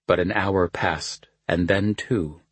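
A man reading a novel aloud as an audiobook narrator, in a measured, even manner. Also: sits low, husky, dry recording. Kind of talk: scripted narration.

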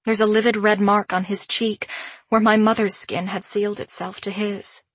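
A woman narrating a first-person audiobook in a measured, introspective way. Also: mid-range voice, little pitch movement, husky, no room sound.

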